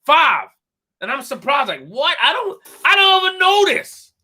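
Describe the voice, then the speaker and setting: A man's voice: very high voice, very animated, unhurried, pushed and bright. A young man hosting a live stream, ranting boastfully and emphatically, repeating his phrases and tripping over words. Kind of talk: fired-up live-stream rant.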